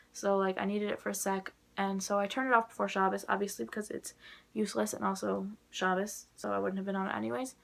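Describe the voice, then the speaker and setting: A woman's voice: mid-range voice, vocal fry, a bit bright. A young adult woman chatting casually to camera in a rambling way, full of "like" fillers. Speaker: vlogger.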